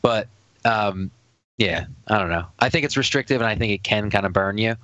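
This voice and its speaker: A man's voice: fairly low pitch, normal speed, bright, forceful tone, no echo, muffled recording. A man with a New Jersey accent co-hosting a podcast, chatting casually and rambling with lots of filler words. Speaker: podcast co-host. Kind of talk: casual chat.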